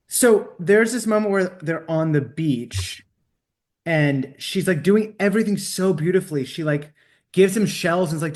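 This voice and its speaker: A man co-hosting a casual book podcast, theatrical and profane, with quick swings in pitch. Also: animated. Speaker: podcast co-host. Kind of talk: casual book-club chat.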